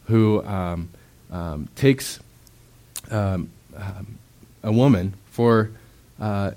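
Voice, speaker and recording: A young man delivers a sermon in a relaxed, conversational way. His voice sits low, and he stumbles through fillers. Now and then he acts out quoted voices with sudden loud bursts. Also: extremely slow. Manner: casual, conversational preaching with many fillers. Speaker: preacher.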